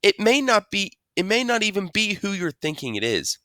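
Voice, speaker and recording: A firm, lecturing mother who scolds her boys, done by a man reading a storybook aloud. Her voice sits a little above his normal register, bright and pointed, with lively rises and falls. The recording is dry and close. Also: high-pitched, moderate pace, no echo, pitched above the performer's own voice, heavily acted. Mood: reasoning.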